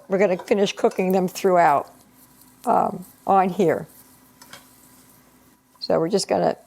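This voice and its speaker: A woman's voice: mid-range voice, gravelly, dark tone. A middle-aged woman with a slightly scratchy voice from allergies, chatting her way through a home cooking video and explaining each step as she goes. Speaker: home cook and channel host. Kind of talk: casual cooking vlog. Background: sizzling pan in a home kitchen.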